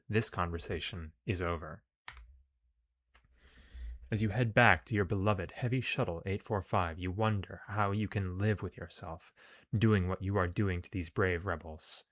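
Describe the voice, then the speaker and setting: A man's voice: low voice, dry recording, studio quality. A man reading game text aloud as narration, with casual, sometimes profane asides. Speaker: game streamer.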